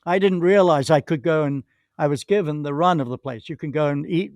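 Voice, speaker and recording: A man's voice: a little high, fairly quick, a little mellow, dry recording. An older man, a podcast guest, telling long rambling anecdotes with many restarts and acted-out quotes. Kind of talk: anecdotal storytelling.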